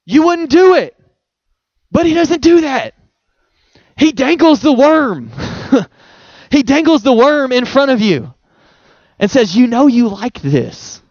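Man, pastor, sermon, very high-pitched, conversational, playful, dry dull sound. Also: big pitch swings, takes it slowly, pauses often, darkish tone, no room sound. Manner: conversational, playful, uses folksy examples.

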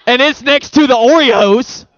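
A man's voice: very high-pitched, a little slow, a bit bright, dry recording, muffled recording. A male pastor giving a sermon in a conversational, playful way, with homely examples.

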